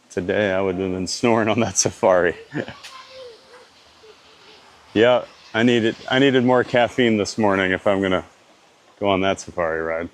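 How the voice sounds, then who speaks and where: A man with a Louisiana accent live-streaming from a theme park, reading and answering chat viewers in a relaxed way. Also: fairly low pitch, slight background noise.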